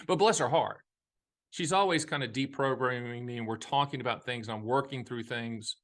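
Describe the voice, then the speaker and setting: An annuity advisor and show host in his fifties gives a casual monologue on retirement money at a moderate pace. His mid-range voice is a bit bright, and he's folksy and emphatic, tossing in jokey asides with a Southern US accent at times.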